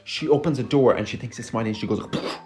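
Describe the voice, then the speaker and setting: Guy on a phone mic ranting sarcastically about a bad movie, soft music behind. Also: medium pitch, very fast. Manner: sarcastic, swearing, exasperated. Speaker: movie reviewer. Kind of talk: casual movie review rant.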